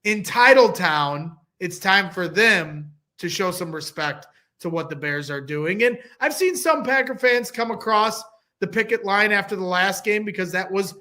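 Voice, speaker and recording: A man's voice: high-pitched, moderate pace, sharp tone. A man appearing as a guest on a sports podcast, talking football in an emphatic, speech-like way. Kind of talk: casual sports talk.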